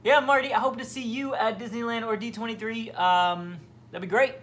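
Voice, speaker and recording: A man's voice: very high-pitched, steady tone, moderate pace, a bit bright. Chatty man hosting a home livestream. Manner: chatty, rambling, many fillers and restarts. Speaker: livestream host. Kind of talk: casual livestream chat reading comments. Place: home, near the kitchen fridge.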